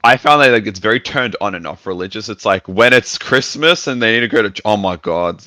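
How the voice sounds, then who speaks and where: A man in his twenties chatting casually, telling animated stories and acting out the people in them. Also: fairly low pitch, a little fast, no room sound. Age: 20s. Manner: animated storytelling, acts out quotes. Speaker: podcast guest. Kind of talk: casual chat.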